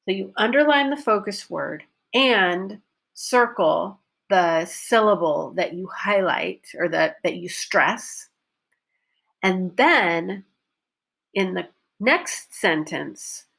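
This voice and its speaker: A woman teaching a pronunciation lesson, modelling sentences and stressing focus words deliberately. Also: on the low side, vocal fry, fairly bright tone. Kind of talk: recorded online lesson.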